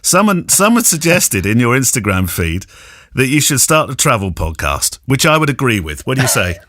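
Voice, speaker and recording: A man's voice: mid-range voice, big pitch swings, moderate pace, a bit bright, no room sound, studio quality. A man hosting a podcast, chatty and joking, laughing often with his guests. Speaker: podcast host. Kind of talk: casual podcast chat.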